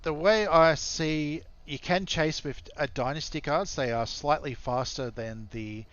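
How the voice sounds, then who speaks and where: An Australian man commenting casually on a strategy game match, rambling and halting with frequent fillers. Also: fairly high pitch, fairly bright tone, lo-fi sound. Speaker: esports caster.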